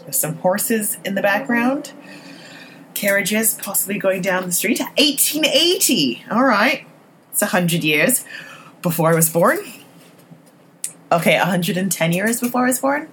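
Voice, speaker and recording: A woman's voice: medium pitch, expressive, measured pace, long pauses, a bit bright, slight background noise. Giggly woman doing casual TV commentary. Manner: chatty, giggly, reacting aloud while watching. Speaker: podcast commentator. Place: echoey room at home. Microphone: built-in computer microphone.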